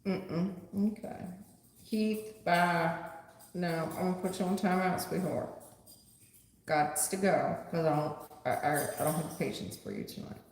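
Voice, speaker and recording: A woman tarot reader with a fairly low, fairly even voice speaks a little slowly while chatting with viewers on a live stream. She's blunt and chatty, talking straight to the chat, in an echoey room with long reverb.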